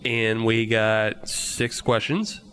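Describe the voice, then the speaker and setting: A man's voice: fairly low pitch, fairly even intonation, slow, pushed and bright, slight background noise. A man hosting a podcast, chatting casually, laughing often and reading quiz questions aloud. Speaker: podcast host and quizmaster.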